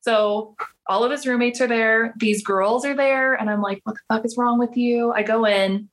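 A woman's voice: on the high side, fairly even intonation, moderate pace. Woman, 30s, podcast guest; casual storyteller who acts out the dialogue she quotes. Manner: chatty, many "like" fillers, acts out quoted dialogue.

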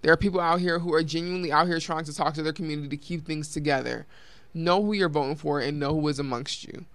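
A woman's voice: sits low, fast talker, no echo. A woman from Colorado hosting a talk show, closing it with casual announcements and emphatic, repeated appeals to listeners. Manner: emphatic and repetitive, addresses listeners as y'all.

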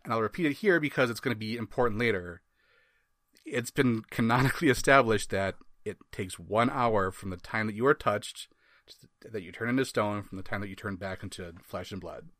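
Wry, low-voiced man reviewing comics. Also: brisk, a bit bright, no room sound, studio quality. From Wisconsin. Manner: wry, laughs often, rambling asides. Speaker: podcast host. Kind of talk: casual comic book review.

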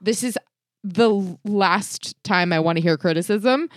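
A woman's voice: medium pitch, measured pace, no echo, studio quality. A woman hosting a comedy podcast, chatting casually. She laughs often and trails off mid-sentence. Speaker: podcast host. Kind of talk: casual chat.

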